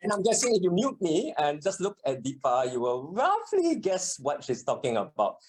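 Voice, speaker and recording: Lively speaking coach teaching a workshop. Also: mid-range voice, normal speed. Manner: animated, acts out example sentences. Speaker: public speaking trainer. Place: meeting room, also streamed on a video call.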